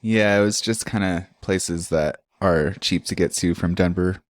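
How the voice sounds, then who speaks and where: A man's voice: low-pitched, measured pace, no room sound. A man in his thirties working as a podcast producer, chatting easily, joking and laughing often. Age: 30s. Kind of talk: casual chat.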